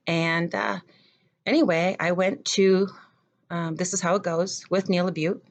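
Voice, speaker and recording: Lively low-voiced woman telling a story. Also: measured pace. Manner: animated retelling, acting out dialogue with pitch jumps. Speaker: theater professor. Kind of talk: personal storytelling.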